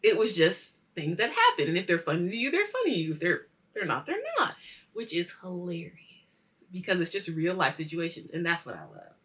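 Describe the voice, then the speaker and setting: A woman hosting a weekly show, casually reviewing a TV episode, animated and swearing freely as she acts out the scenes. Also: fairly low pitch, a little fast. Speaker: host of a weekly culture show.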